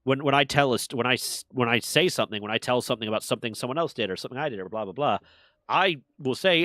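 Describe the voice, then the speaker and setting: A man's voice: mid-range voice, very fast, sharp tone, no echo, studio quality. A man in casual chat, telling heated stories with plenty of swearing. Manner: profane, heated storytelling.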